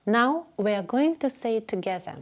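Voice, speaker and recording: A woman teaching beginner English, speaking clearly and patiently and repeating phrases for learners to follow. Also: a little high, animated, normal speed. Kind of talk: slow instructional narration.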